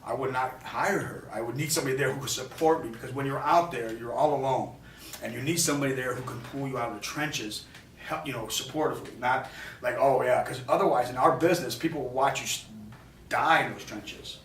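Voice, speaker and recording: A man, a film director from New York, telling a rambling, animated story in an interview at a film festival, with many restarts. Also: mid-range voice, brisk, a little hiss or hum. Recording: echoey, distant mic with faint ambience.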